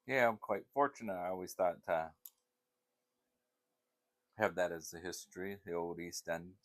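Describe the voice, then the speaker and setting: Rambling older man with a deep voice. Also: normal speed, fairly bright tone. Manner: rambling, meandering storytelling. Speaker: vlogger. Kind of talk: casual chat.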